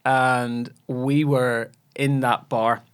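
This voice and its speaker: A Northern Irish man spins an animated story in relaxed podcast chat. He laughs often as he talks, with the easy delivery of a radio presenter. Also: mid-range voice, very slow, clear, resonant tone.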